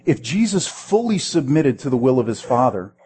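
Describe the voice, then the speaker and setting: A man's voice: medium pitch, sing-song, normal speed, dark tone. A man preaching a sermon in a conversational way, asking the listeners questions and often repeating words as he restarts. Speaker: pastor.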